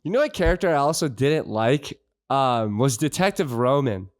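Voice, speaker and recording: A man's voice: medium pitch, very animated, moderate pace, no echo, clean studio sound. A man co-hosting a podcast, rambling frustrated through a casual film review with many restarts. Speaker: podcast co-host.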